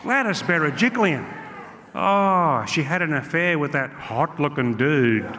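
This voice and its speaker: A man's voice: fairly high pitch, animated, unhurried. A man with an Australian accent doing brash, punchy stand-up comedy and working a live crowd in a large club hall. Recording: live hall with long reverb, faint crowd noise.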